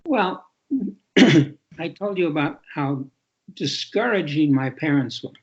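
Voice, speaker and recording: An older man, a guest author on a podcast, tells reflective stories and often restarts his sentences. His voice is on the high side with lively intonation, and he takes it slowly. The sound is dull and lo-fi.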